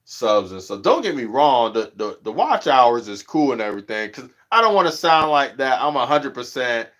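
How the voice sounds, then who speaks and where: A man hosting his own livestream in loose, slangy casual chat, animated when he tells a story and a bit stuffy from allergies. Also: moderate pace. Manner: animated storytelling, jumps high when quoting others; slangy, says "you know what I'm saying" often. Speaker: livestream host.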